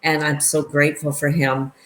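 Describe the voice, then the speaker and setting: A woman's voice: deep voice, flat delivery, normal speed, a bit bright, a little hiss or hum. A woman in her fifties, a guest in a casual chat, speaking earnestly and emotionally. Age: 50s. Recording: echoey room.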